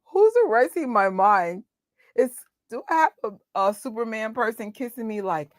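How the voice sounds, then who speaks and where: Animated, emotional woman ranting about a film. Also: a little high, measured pace, no echo, studio quality. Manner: emotional and exclaiming, rants in outbursts; casual and joking, with frequent laughs. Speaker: streamer hosting a movie watch party. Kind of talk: live movie reaction chat.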